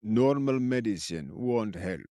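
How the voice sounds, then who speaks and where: A man voicing a quirky old male forest sentry with a cracked, croaking voice, speaking slowly. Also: fairly low pitch, lively intonation, mellow, dry recording, clean studio sound. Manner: slow, quirky, chirpy.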